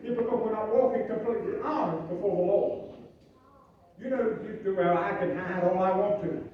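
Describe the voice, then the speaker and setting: A man's voice: sits high, a little fast. A man preaching a folksy sermon with humorous asides to his congregation. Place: church sanctuary. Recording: echoey church room from a distant mic, dull sound.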